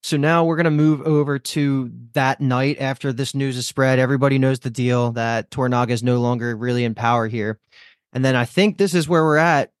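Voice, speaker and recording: A man's voice: mid-range voice, steady tone, fairly quick, clean tone, no room sound, studio quality. A man hosting a casual podcast discussion, chatty and rambling, swearing now and then. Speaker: podcast host.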